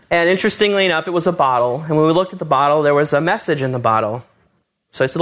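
A man with a slightly raised voice tells a personal story live, in an easygoing and wry manner. He paces his jokes and stays calm and collected as he goes. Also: fairly high pitch, quick pace. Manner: easygoing, wry, builds to punchlines. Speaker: storyteller, husband of a patient.

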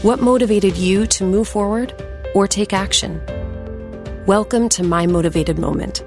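A woman host reads a scripted podcast introduction in an even, measured manner, her voice at a middle pitch. Clear music plays under her the whole time. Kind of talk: scripted narration. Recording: clear music bed behind the voice.

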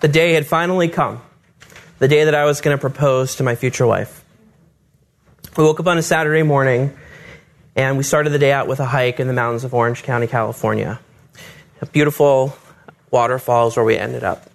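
A man's voice: mid-range voice, brisk, gravelly, long pauses. A man telling a personal story about his proposal and family, acting out the people he quotes. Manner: animated storyteller, acts out quoted voices.

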